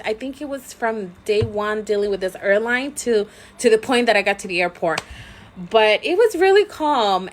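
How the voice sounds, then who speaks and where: A woman with a slightly high voice, vlogging as a mother. She tells her story casually to the camera, chatty and animated, with many fillers and plenty of laughter. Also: slight background noise.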